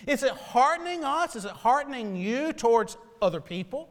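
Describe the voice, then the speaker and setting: A man's voice: very high-pitched, very animated, moderate pace. A man preaching a sermon as a pastor, earnest, piling up rhetorical questions and addressing the congregation directly. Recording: long hall reverb.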